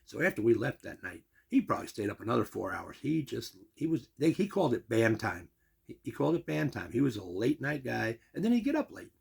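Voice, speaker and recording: A man's voice: medium pitch, sing-song, fairly quick, a little mellow. An older man telling a long personal story in a rambling, casual way, full of asides and restarts. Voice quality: gravelly, husky.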